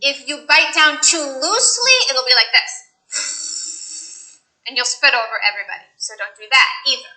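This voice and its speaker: A young woman with an American accent leads a pronunciation lesson, her voice high and very bright. She coaches in an encouraging, playful way and demonstrates sounds. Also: big pitch swings, fairly quick, hardly any pauses, low-quality recording.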